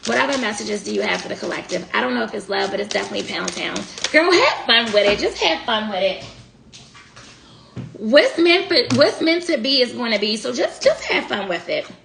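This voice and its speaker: Very animated and a little fast, a woman with a high voice and vocal fry does a laid-back live tarot reading. She addresses her viewers directly in a blunt, slangy way, recorded in an echoey room with faint background noise.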